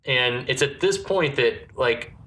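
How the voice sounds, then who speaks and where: Bright-voiced man recapping a movie. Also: mid-range voice, lively intonation, slow. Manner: rambling, incredulous, mimics film lines. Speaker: podcast co-host. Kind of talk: casual movie-recap chat.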